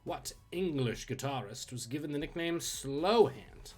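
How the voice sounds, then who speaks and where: A man hosting a live-streamed trivia quiz, reading questions and tossing in quick joking asides. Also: fairly high pitch, animated, breathy edge, soft background music. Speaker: trivia host.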